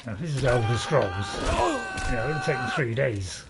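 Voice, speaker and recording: A man's voice: mid-range voice, animated, normal speed, music in the background. A man giving casual, rambling commentary while playing a game, chuckling to himself now and then. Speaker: gaming video host.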